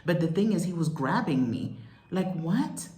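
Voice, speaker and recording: A woman vlogger telling a frightening travel story in a rushed, shaken, exclaiming way, still upset as she speaks. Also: fairly low pitch, sing-song, warm tone, roomy sound. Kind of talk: emotional storytime recounting.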